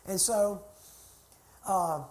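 A man's voice: high voice, very slow, a little mellow. A middle-aged man, a church consultant telling a folksy, chatty story to a group. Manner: folksy, chatty anecdotes with laughter.

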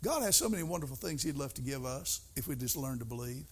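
A middle-aged man preaching a sermon, folksy and storytelling, swinging between soft asides and loud bursts. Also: medium pitch, lively intonation, quick pace, husky.

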